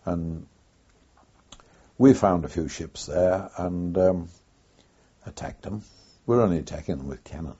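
An older man tells his story in an oral history interview, pausing often and recalling events in an unhurried way. His voice is deep, dark and mellow, and very husky. The recording is dull and lo-fi. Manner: unhurried, reflective storytelling with frequent pauses. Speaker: former wartime pilot interviewee.

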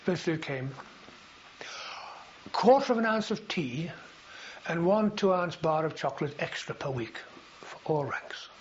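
An older man reminisces in a rambling, unhurried way, often pausing on fillers and restarting his sentences. His voice sits a little high for a man. The recording is dull and lo-fi, with a faint hiss. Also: lively intonation. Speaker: veteran interviewee. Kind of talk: oral history recollection.

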